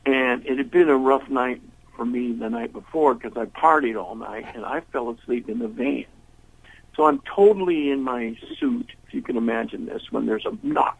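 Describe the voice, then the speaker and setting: An older man tells long, winding stories about his past, slipping into the voices of the people in them. His voice is gravelly and a little husky. It comes through as a slightly muffled radio interview recording. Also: mid-range voice, very animated, normal speed. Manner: rambling anecdotes, acts out quoted voices. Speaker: blues singer, interview guest. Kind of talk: casual storytelling interview.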